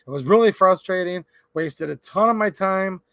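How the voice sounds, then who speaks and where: A chatty, upbeat man hosts a livestream, greeting viewers by name with a fairly high voice. He talks close to the mic in a dry, dead room. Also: moderate pace, fairly bright tone, dry recording. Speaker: livestream host.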